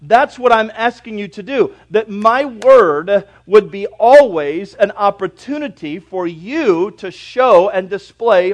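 A man preaching a sermon as pastor, emphatic, with dramatic swings between loud and soft. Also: high voice.

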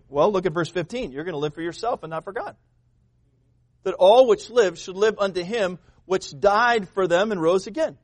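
A pastor preaches in a folksy, conversational way, turning to the congregation with questions. His voice sits high for a man, and his intensity swells and drops through the sermon. The recording is dry and close. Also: dry recording.

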